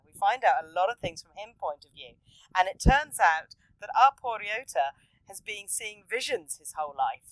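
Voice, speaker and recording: A woman hosting a podcast, chatting casually and acting out characters' lines with excitement. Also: dry recording, low-quality recording. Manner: animated, acts out characters' lines in a high excited voice. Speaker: podcast host. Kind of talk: casual podcast chat recapping an anime.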